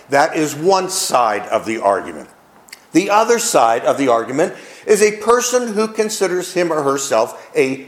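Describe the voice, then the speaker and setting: Man preaching with lively emphasis. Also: a little high, reverberant. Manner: emphatic, rising and falling preaching cadence. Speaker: pastor. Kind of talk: sermon.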